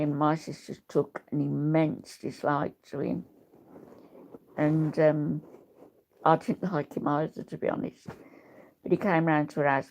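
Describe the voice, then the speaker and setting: A woman's voice: low voice, creaky, darkish tone, a little hiss or hum. A woman in her seventies hosting a casual livestream, chatting with viewers in a rambling, blunt, opinionated way. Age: 70s. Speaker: livestream host. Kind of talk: casual livestream chat, reading viewer comments.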